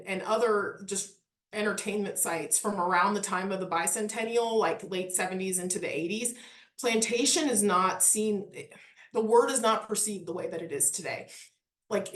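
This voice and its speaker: A woman with a Midwestern American accent talks through her work in an earnest, chatty way, sprinkling in "like" and "um". Her voice is of middling pitch. The sound carries a noticeable roomy echo. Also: a bit bright. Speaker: historic site manager. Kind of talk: conversational interview answers.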